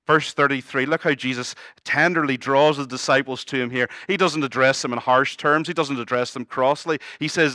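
A middle-aged man preaches a sermon with earnest conviction and the odd humorous aside. His voice is bright and forceful, and his pitch sits in the middle of the male range. The recording is dry and close. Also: steady tone, moderate pace, hardly any pauses, dry recording. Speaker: pastor.

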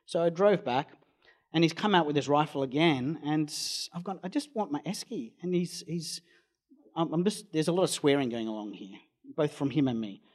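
An Australian storm chaser tells a rambling anecdote during an interview, his fairly high voice animated and moderately paced. He loudly acts out the voices of the people he quotes.

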